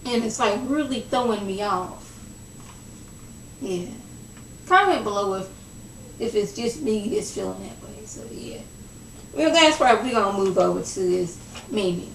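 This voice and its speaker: Chatty woman recapping with gravelly voice. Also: lively intonation, a little slow, pauses often, slight background noise. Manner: chatty, gossipy, acts out quoted lines in lowered voice. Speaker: reality show reviewer. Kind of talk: casual recap vlog. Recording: echoey room, mic at a distance.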